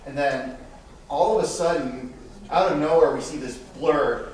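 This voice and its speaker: A man on a convention panel telling a rambling story in a relaxed way. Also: on the high side, a little slow, a little hiss or hum. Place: convention hall room. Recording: very echoey hall, voice from far off.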